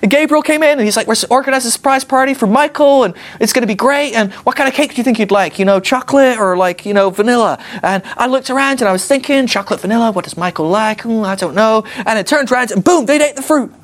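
A man playing a flustered, panicking Jesus who stammers out excuses in a high, strained voice. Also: quick pace, few pauses. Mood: panicked. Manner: frantic, high-pitched, stammering.

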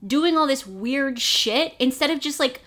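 A woman hosting a podcast in casual chat, animated and profane as she rants. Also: high voice, unhurried. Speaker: podcast host.

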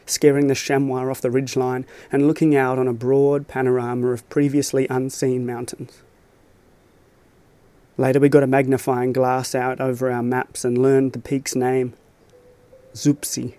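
Man, reflective essay narration, mellow dark voice, even flat delivery, faint music under. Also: medium pitch. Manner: reflective, measured. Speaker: storyteller. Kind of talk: scripted narration of a personal essay.

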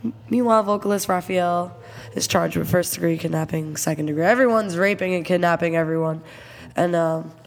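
A woman co-hosting a crude casual chat, reading news aloud haltingly with fillers. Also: lowish voice, creaky, long reverb tail. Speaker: podcast co-host.

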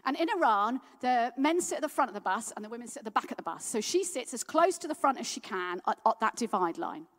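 Lively high-voiced woman preaching. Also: fast talker, few pauses, long reverb tail. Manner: lively storytelling, rousing and heartfelt. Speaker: guest preacher. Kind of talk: sermon.

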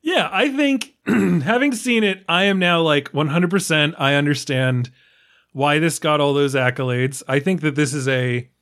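An American man with a fairly high voice talks through a film in a loose, animated podcast chat. He swears freely and slips into voicing the characters as he argues his point. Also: a little slow. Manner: animated, profane, acts out characters' lines. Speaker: podcast co-host. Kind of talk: casual film discussion.

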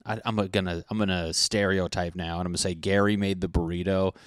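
A man's voice: low voice, flat delivery, brisk, clean tone, no echo, clean studio sound. A young man chatting casually to his camera at home, rambling and swearing with self-mocking humor. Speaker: vlogger.

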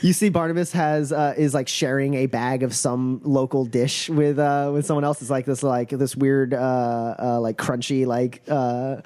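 A man narrating a tabletop role-playing game as game master, pausing often with "uh" and "like". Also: mid-range voice, fairly even intonation, a little mellow. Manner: hesitant, full of "uh" and "like".

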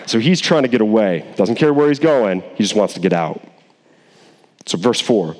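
A male pastor preaching a sermon in a casual, animated way, acting out the characters in quick voices. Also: lowish voice, in a large hall.

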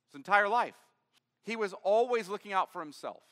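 A man's voice: high voice, animated, moderate pace, fairly bright tone, in a large hall. A man preaching a sermon, reading scripture aloud and then explaining it in plain words. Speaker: pastor. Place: church.

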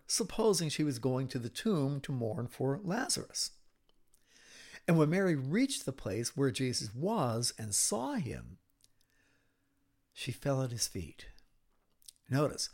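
A male preacher in mid-sermon, unhurried and deliberate. His voice sits in an ordinary middle register, and he drops to hushed, whispered lines to draw listeners in. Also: mid-range voice. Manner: slow, dramatic retelling with hushed, whispered moments.

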